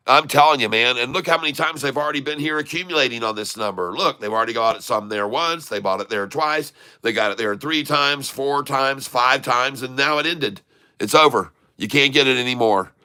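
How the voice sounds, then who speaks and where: A man's voice: medium pitch, bright, forceful tone, smooth, no echo. A middle-aged man with a Southern US accent, hosting a rambling, jokey day-trading livestream and chatting with viewers. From Florida, US. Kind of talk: casual live-stream chat.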